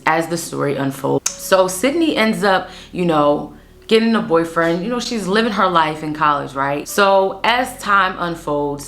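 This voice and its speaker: Chatty low-voiced woman hosting true crime. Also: vocal fry. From Pennsylvania. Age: 30s. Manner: chatty, addresses listeners as guys. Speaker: host. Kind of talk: casual true-crime storytelling.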